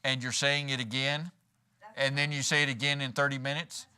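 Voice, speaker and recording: A man's voice: mid-range voice, flat delivery, fairly quick, sharp tone, smooth. A man preaching a sermon in a church, folksy and joking, acting out quoted lines as he goes. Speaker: pastor. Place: church sanctuary.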